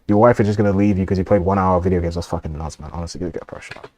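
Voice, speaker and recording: Fast-talking deep-voiced male streamer. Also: fairly even intonation, darkish tone, no room sound. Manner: rambling, profane, laughs often. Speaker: streamer reacting to a video. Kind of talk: casual reaction stream.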